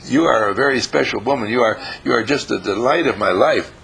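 A man voicing a gushing, endlessly affectionate woman visitor who talks in effusive, sing-song flattery. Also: mid-range voice, a little fast, vocal fry, breathy edge, low-quality recording.

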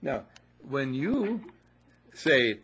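A man's voice: medium pitch, very animated, drawn-out words, fairly bright tone, slightly rough. An older man telling folksy stories in a casual motivational talk, repeating upbeat affirmations. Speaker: motivational speaker.

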